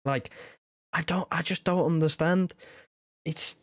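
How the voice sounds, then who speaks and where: Male co-host, measured and reasoned, dry close-miked sound. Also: a little high, fairly even intonation, dry recording. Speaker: podcast co-host. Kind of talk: casual livestream football chat.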